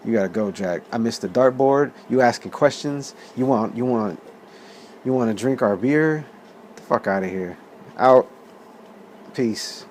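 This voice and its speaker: A man voicing a hostile rural pub man who shouts strangers out of his pub in a gruff manner. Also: medium pitch, lively intonation, unhurried, pauses often, a little hiss or hum, lightly acted.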